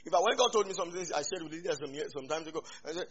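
A man with a Nigerian accent preaching a sermon as a pastor, animated, with sudden loud rises. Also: a little high, rapid-fire, highs cut off, slight background noise.

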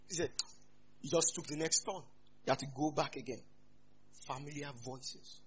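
Husky Nigerian pastor preaching. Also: male voice, a little high, moderate pace, lo-fi sound. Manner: animated preaching with sudden loud rises and laughs. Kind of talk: sermon.

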